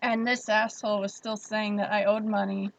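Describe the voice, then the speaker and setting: A woman streamer telling a story in a wry, animated way, laughing between lines. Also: medium pitch, normal speed, vocal fry, no echo. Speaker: livestream host. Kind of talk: casual storytelling. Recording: dull lo-fi stream audio.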